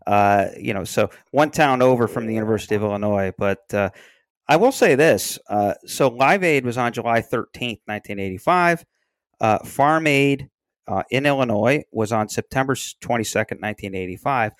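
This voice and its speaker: A man's voice: medium pitch, animated, moderate pace, no room sound. A man co-hosting a podcast, chatting casually about music history with wry, sardonic, profane asides. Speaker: podcast co-host.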